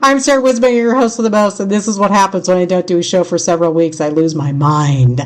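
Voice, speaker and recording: A woman's voice: fairly low pitch, fairly even intonation, fast, a little mellow. A woman with a California accent hosting a rock radio show, chatty and self-deprecating, laughing often and tripping over her words. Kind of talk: casual rambling show hosting.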